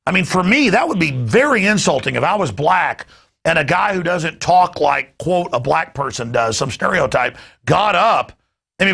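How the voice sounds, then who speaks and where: A man's voice: sits high, gravelly, a bit bright, slightly rough. A man hosting a talk show, delivering an emphatic and indignant political rant. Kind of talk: ranting political commentary.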